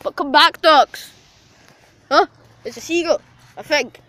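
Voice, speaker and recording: An excitable male vlogger talking outdoors by a river, swearing freely. His voice is high and bright, and he speaks slowly and drawn out. Faint music sits behind him. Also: poor audio. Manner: excitable, swearing, shouting at ducks. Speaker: YouTube vlogger. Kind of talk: casual outdoor vlog.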